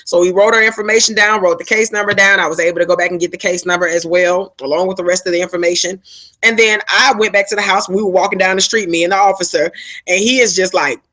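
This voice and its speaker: A middle-aged woman telling a storytime to camera, sassy and animated, laughing and acting out other people's lines in raised voices. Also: mid-range voice, fast. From Georgia, USA. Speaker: vlogger.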